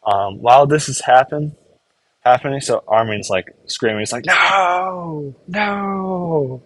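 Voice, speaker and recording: Casual male reviewer, middle pitch, dry sound, loose filler-heavy storytelling that slips into quick character bits. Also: dry recording. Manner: rambling, filler-heavy, full of "like"; briefly acts out characters' lines. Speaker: anime reviewer. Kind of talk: casual episode recap.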